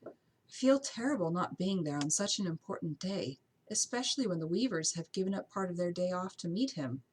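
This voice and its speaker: A woman voicing a young gentlewoman, hungover and flustered, in an amateur audiobook reading. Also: on the low side, expressive, brisk, slightly rough.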